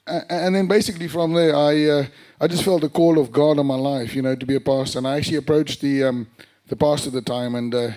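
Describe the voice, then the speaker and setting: A middle-aged man from South Africa, a pastor, telling his life story casually with many pauses, fillers and restarts. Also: fairly high pitch. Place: church during a live music evening.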